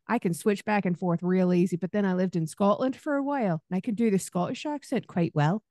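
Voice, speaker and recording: A woman's voice: medium pitch, brisk, a little mellow, no room sound, studio quality. A woman podcast host from Arkansas, chatting in a friendly way and laughing often as she interviews her guest. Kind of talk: casual interview conversation.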